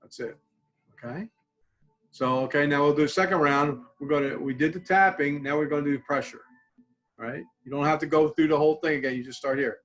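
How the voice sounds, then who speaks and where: Calm older man coaching a tapping exercise. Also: on the high side, a little fast, rough recording. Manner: calm instructive, often drops to quiet repeated phrases. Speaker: college student support clinician. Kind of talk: webinar teaching a tapping technique.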